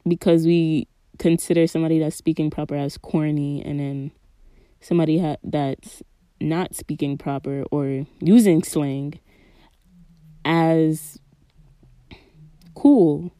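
Podcast host, New York woman with a low, warm voice, casual and rambling, full of slang. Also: fairly even intonation, takes it slowly, long pauses. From New York City. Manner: rambling, slang-heavy, conversational. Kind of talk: casual monologue and story time.

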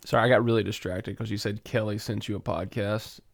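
A man's voice: on the low side, fairly even intonation, brisk, vocal fry. Chatty man co-hosting a podcast. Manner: chatty, self-deprecating, many fillers and restarts. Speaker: podcast co-host. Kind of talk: casual chat.

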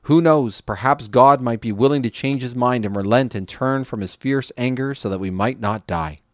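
A man's voice: mid-range voice, moderate pace, dry recording, studio quality, lightly acted. A man reading aloud as a repentant king issuing a grave royal decree. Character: repentant male king, commanding.

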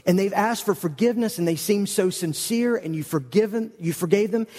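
High-voiced animated preacher in echoey hall. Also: male voice. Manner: animated storytelling with frequent stammered repeats. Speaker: pastor. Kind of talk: sermon. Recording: echoey hall with long reverb.

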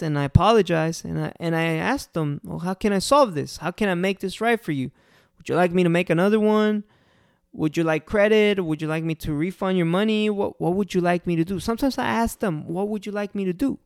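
Gravelly restaurant owner giving advice. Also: medium pitch, brisk, no room sound, studio quality. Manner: earnest, repeats key points for emphasis. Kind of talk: casual customer-service advice talk.

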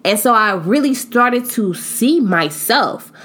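A woman's voice: on the high side, expressive, slow, fairly bright tone. A woman in her late twenties hosting her own podcast, talking to her listeners in a candid, reflective monologue. She speaks emphatically and expressively, in casual slang. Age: 20s. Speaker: podcast host.

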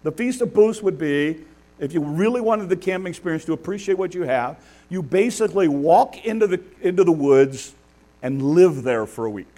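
Man, preaching, high-pitched, swooping lively intonation. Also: moderate pace. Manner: animated, voices biblical figures, laughs at the text. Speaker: pastor. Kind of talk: sermon.

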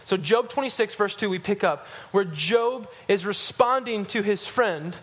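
A pastor delivers a sermon to his congregation at a measured pace, growing animated and rising at emphatic points. When he reads scripture, his voice drops low and quiet.

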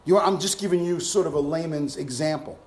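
Man, preacher, high-pitched voice, sermon, hushed then shouting. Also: quick pace. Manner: swings from soft hushed lines to loud shouted climaxes.

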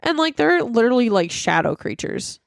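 A young woman co-hosting a podcast, telling a story in casual chat, animated and profane, acting out quotes. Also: fairly high pitch, normal speed, gravelly, dry recording, clean studio sound. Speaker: podcast co-host.

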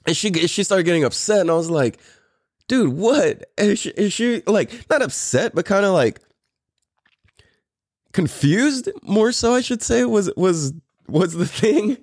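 Man, 30s, from California, podcast host, casual storytelling, profane, lively pitch, dry recording. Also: unhurried, dry recording. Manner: loose and profane, rambling with restarts, laughs often.

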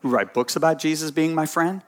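Guy preaching, storytelling style, goes soft then punches it up. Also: on the high side, a little fast. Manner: animated storytelling preacher, swinging between quiet and emphatic. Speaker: pastor. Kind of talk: sermon.

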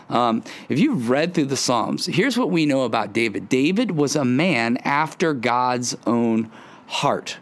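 A middle-aged man hosting a devotional podcast, talking in an earnest, conversational way and often checking in with "right?". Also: mid-range voice. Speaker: podcast host and pastor. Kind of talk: casual devotional podcast talk.

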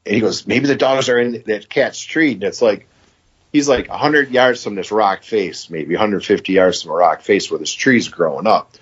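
Fifties podcast guest, male, raspy and somewhat low, a loose rambling storyteller who acts out what others said; muffled lo-fi sound. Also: moderate pace. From Michigan. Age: 50s. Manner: rambling, quotes others with "he goes". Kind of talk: casual storytelling.

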